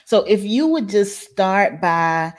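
A woman's voice: mid-range voice, lively intonation, slow pace. A woman podcast host who welcomes her guest and asks questions, with short affirming responses. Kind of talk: interviewing.

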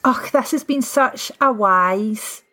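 A woman's voice: a little high, slow. Woman hosting a podcast. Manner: gentle, brief affirmations and a scripted outro. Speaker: podcast host. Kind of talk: podcast interview. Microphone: remote video call.

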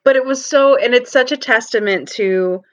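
A woman's voice: fairly high pitch, moderate pace, dry recording. Enthusiastic woman chatting, dull sound. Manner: enthusiastic, laughs a lot, uses many "like"s. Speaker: podcast co-host. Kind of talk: casual chat.

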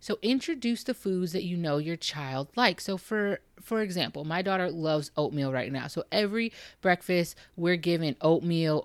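A young mother talks straight to other moms, giving practical tips in a casual, reassuring way. Her voice sits a little low, and the sound is dry and close, with no room echo. She keeps her tone direct and upbeat, like a friend sharing what worked for her. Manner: encouraging, direct, addresses moms. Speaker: parenting vlogger. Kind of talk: casual advice talk to camera.

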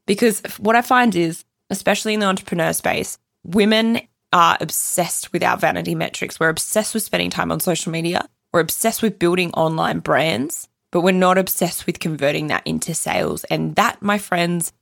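A woman's voice: lowish voice, vocal fry, fairly bright tone, no echo, studio quality. A woman hosting a solo podcast, blunt and opinionated, swearing freely as she talks. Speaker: podcast host.

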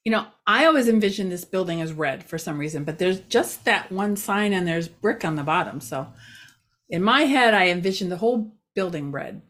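A woman's voice: fairly low pitch, animated, moderate pace, fairly bright tone. Woman, local news vlog, casual, rambling, self-mocking, outdoors. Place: outdoors near a shopping plaza parking lot.

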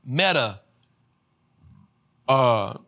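A male host teaching personal finance to a live audience in a casual, slang-filled way, swinging into sermon-like, sung-out shouts. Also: medium pitch, expressive, drawn-out words. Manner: preacher-like cadence, rising to shouts. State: tired after a flight. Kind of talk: motivational livestream teaching.

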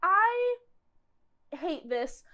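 A woman's voice: extremely high pitch, sing-song, very slow, dull audio. A woman playing a tabletop role-playing game, emphatic and incredulous in character. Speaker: player.

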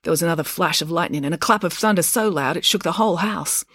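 A woman author narrating a storybook chapter in a calm, expressive reading. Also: fairly low pitch, fast, dry recording, clean studio sound.

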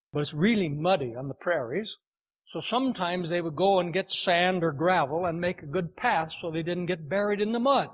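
High-voiced folksy preacher telling a story. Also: male voice, a bit bright. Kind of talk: sermon with storytelling.

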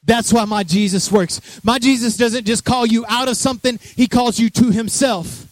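A high-voiced man preaching with lively energy, breaking off to joke with his congregation and talk straight to them. His voice sounds close and dry, with no room echo. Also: normal speed. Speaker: pastor. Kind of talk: sermon.

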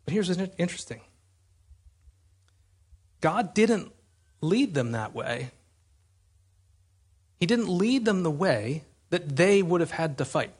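A man's voice: high voice, expressive, slow pace, pauses often, a little mellow, husky. A man preaching a sermon in a conversational, emphatic way, often restarting his phrases.

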